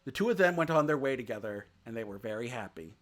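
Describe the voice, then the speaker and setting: A man's voice: mid-range voice, animated, quick pace. A man reading a classic children's story aloud on a live stream, narrating expressively. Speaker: VTuber reader.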